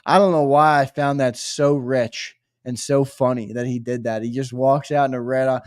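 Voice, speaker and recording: Male sports co-host, mid-pitch, casual and blunt, dry close-mic. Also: steady tone, moderate pace, no echo.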